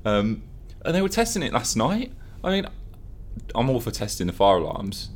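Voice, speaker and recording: A man's voice: medium pitch, wildly swooping pitch, moderate pace, a little hiss or hum. A man co-hosting a podcast from an office, chatting casually with jokey, teasing banter. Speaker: podcast co-host. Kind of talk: casual chat.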